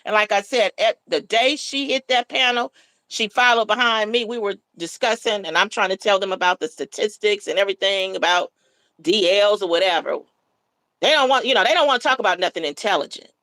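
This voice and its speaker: A woman's voice: medium pitch, fairly quick, pushed and bright, no echo, poor audio. A middle-aged woman chatting and gossiping on a casual livestream.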